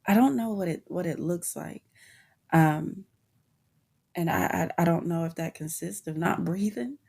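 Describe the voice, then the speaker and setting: A woman's voice: fairly low pitch, measured pace, creaky, a little mellow, breathy edge. A woman hosting a personal podcast, talking candidly and informally to her listeners, with frequent restarts. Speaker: podcast host. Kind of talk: personal reflective monologue.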